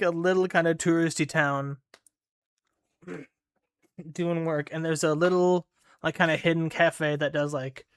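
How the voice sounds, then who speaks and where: A man's voice: fairly high pitch, clear, resonant tone, no echo, studio quality. A young man streaming a game late at night, telling a rambling, profane story full of fillers. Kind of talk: casual storytelling while gaming.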